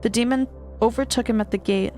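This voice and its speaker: A woman streamer reading a horror book aloud, steady with small stumbles and restarts. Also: a little high, fairly quick, faint music behind.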